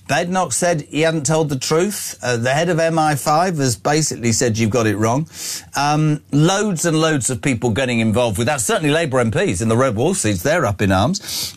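Chatty, opinionated radio host. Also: male voice, mid-range voice. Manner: chatty, opinionated, reads listener texts aloud. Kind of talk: breakfast radio talk and text reading.

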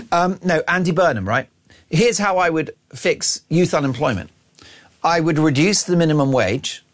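A man's voice: fairly high pitch, expressive, unhurried, pauses often. A man hosting a radio show, delivering a brash, mocking opinion monologue full of self-aggrandizing banter. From Ireland.

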